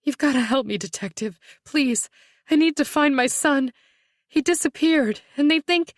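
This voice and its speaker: A woman's voice: a little high, slow, dry recording, clean studio sound, pitched above the performer's own voice. A woman voicing a terrified adult woman who pleads frantically for her family. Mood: pleading.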